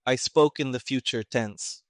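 A man voicing a calm young civilian detective who speaks flatly and tonelessly, in an audiobook reading. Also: medium pitch, a little slow, no room sound, clean studio sound, close to an everyday voice. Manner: flat, toneless, clipped.

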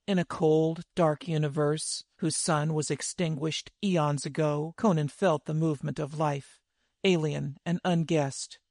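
A man narrating a dramatic adventure story in a measured, deliberate reading style. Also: on the high side, vocal fry, dry recording, clean studio sound. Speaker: audiobook narrator.

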